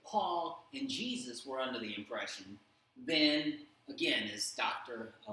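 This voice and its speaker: A man's voice: medium pitch, lively intonation, unhurried, sharp tone. A man leading a casual Bible study discussion, telling stories animatedly with many fillers. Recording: very echoey room, faint background hum.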